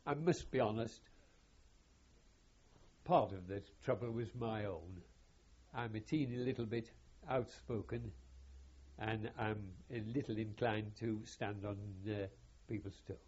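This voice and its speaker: An older man, recalling his wartime service in an oral history interview in a halting, measured way with wry self-deprecation, on a dull lo-fi recording. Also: on the low side, a little mellow, slightly rough. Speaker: veteran interviewee.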